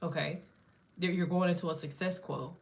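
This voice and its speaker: A woman's voice: fairly low pitch, fairly even intonation, normal speed. A woman doing a casual live tarot reading, blunt and profane, chatting to viewers and jumping between cards and asides. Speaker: tarot reader.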